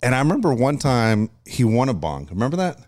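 A man's voice: medium pitch, brisk. A middle-aged man chats casually on a podcast, spinning family stories in an easygoing tone. His delivery is loose and conversational, with swearing dropped in offhandedly. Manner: laid-back, animated when acting out his son's yelling. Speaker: podcast co-host, father. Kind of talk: casual storytelling chat.

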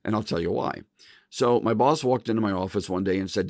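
A middle-aged man with a low, gravelly voice tells stories on his podcast, speaking plainly and addressing his listeners as "folks." The sound is dry and close, with no room around it. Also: steady tone, fast talker, a little mellow, dry recording. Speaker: podcast host. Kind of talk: casual storytelling monologue.

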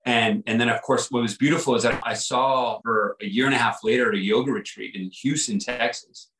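A man's voice: mid-range voice, fairly even intonation, a little fast, fairly bright tone, reverberant, rough recording. A man guest on a podcast, telling a personal story in an earnest, reflective way, often repeating himself and saying "like" and "right?".

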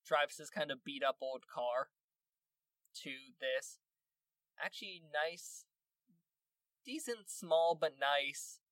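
A man narrating a tabletop role-playing game as game master, in a relaxed, rambling way. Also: a little high, no echo.

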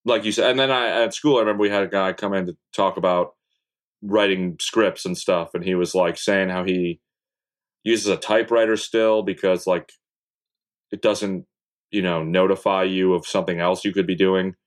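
A young man with a low voice talks as a podcast guest. He is laid-back and rambling, leans on fillers and drops casual swears along the way. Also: fairly even intonation, moderate pace. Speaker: podcast guest, content creator. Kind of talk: casual interview chat.

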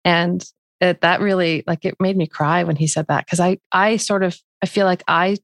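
A woman's voice: fairly low pitch, fairly even intonation, moderate pace, dry recording. A woman hosting a podcast interview, earnest and openly emotional, who at times reads a passage aloud with feeling. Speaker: podcast host. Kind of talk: conversational interview.

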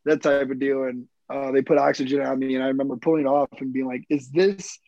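A man in his thirties with a gravelly, fry-edged voice talks through a personal story in loose, rambling fashion, swearing freely and padding with fillers. The sound is dry and a little dull, with a lo-fi edge. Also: mid-range voice, steady tone, quick pace, darkish tone, dry recording. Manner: rambling, profane, many fillers. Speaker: military veteran guest.

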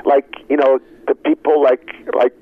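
A man, an actor guest in an interview, talking in an expressive, rambling way that swings between loud excitement and low murmurs. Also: measured pace. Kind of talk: animated interview talk. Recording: tinny phone line.

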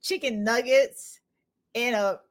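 A woman hosting a casual podcast interview, animated and laughing a lot as she tells stories and reacts to her guest. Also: fairly high pitch, slow. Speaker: podcast host.

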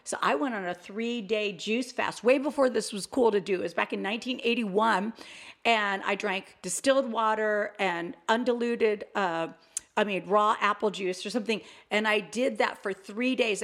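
An older woman co-hosting a faith-based talk show, recounting a personal testimony. She tells it with animation and acts out the voices of the people she quotes. Her pitch sits in the middle range for a woman. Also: normal speed, fairly bright tone. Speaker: Christian talk show co-host.

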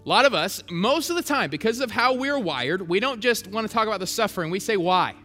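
Impassioned preacher man, high bright voice. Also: expressive, fast talker. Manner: impassioned, swinging between loud and hushed. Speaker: pastor. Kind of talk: sermon. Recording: long hall reverb, soft music behind.

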